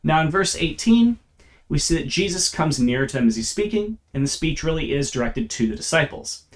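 A man's voice: a little high, expressive, fairly quick. A man giving a verse-by-verse Bible teaching, explaining the text and stressing key words.

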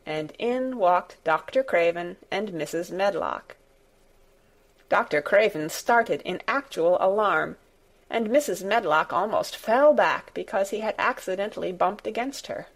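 A woman with a medium-pitched voice narrates a classic children's novel as an audiobook narrator, giving scripted narration in a steady, measured storytelling manner.

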